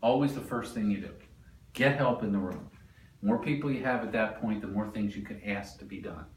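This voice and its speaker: A man giving a classroom lecture, animated and quizzing the class as he explains. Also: fairly low pitch, fairly quick, slight background noise. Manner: animated, asks the class questions. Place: lecture room. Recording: echoey room, mic at a distance.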